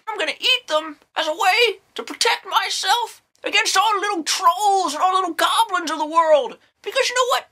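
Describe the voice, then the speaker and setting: A woman's voice: extremely high pitch, bright, forceful tone, exaggerated voice, rough recording. A woman playing an eccentric, creepy old nun who rambles through a folksy, exclamatory movie review as a comedy monologue. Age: older.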